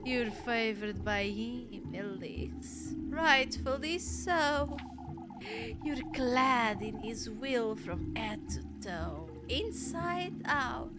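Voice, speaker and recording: A woman voicing a mysterious old crone who talks in a slow, hushed, coaxing way. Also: a little high, lively intonation. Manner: slow, hushed, drawn-out delivery. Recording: game music playing behind.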